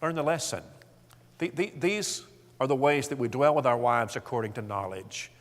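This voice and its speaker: A man's voice: mid-range voice, normal speed. A man leading a marriage seminar for men, telling folksy stories and acting out the voices in them. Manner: folksy storytelling, acts out quoted voices. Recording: hall reverb.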